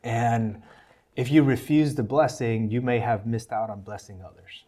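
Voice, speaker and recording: A man's voice: medium pitch, moderate pace, breathy edge. An American man, a podcast guest, telling his testimony in a casual, earnest way and acting out the voices of people he quotes. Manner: earnest, animated storytelling with quoted dialogue.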